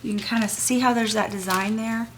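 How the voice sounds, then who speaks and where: A woman's voice: fairly high pitch, fairly even intonation, brisk, background noise. A woman, sniffly, chattily teaching an art journaling craft technique while she works at home. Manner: chatty and gushing, talks while working. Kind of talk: casual craft tutorial.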